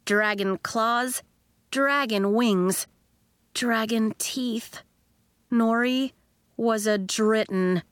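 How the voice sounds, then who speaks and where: Woman, children's audiobook narrator, slow, animated, dry close recording. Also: on the high side, dry recording. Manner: expressive storytelling, voicing the characters.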